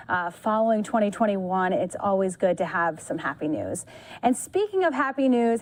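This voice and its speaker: A woman anchoring the news, delivering a scripted segue in an upbeat, smooth way. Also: mid-range voice, a little mellow.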